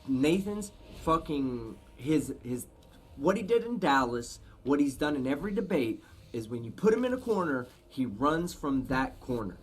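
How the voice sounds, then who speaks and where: A man hosting a live stream, chatting casually, swearing often and thanking viewers with emphatic shouts. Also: mid-range voice, big pitch swings, normal speed, breathy edge. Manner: profane, emphatic, shouts out supporters. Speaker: livestream host. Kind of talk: casual livestream chat.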